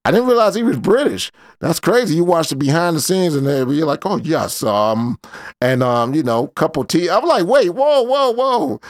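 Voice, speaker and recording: A man's voice: a little high, animated, moderate pace, dry recording. Laid-back slangy man rambling. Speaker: host. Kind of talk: casual commentary.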